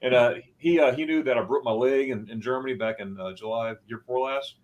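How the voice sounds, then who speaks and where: A man's voice: mid-range voice, brisk, a little mellow. A man hosting a travel livestream, chatting casually and rambling through anecdotes over a video call. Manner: rambling storyteller, acts out quoted voices. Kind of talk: casual chat.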